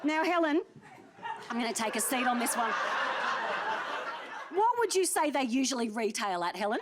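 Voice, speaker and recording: Performing live stand-up in a theatre, a woman in her early 40s speaks at normal speed in a fairly high, very animated voice. She's a comedian doing crowd work, teasing someone in the audience, and the recording is noisy.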